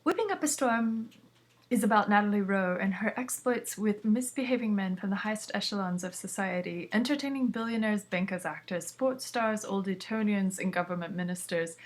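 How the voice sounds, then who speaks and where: A woman's voice: mid-range voice, normal speed. A woman casually reading a book aloud, with asides and self-corrections. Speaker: reader.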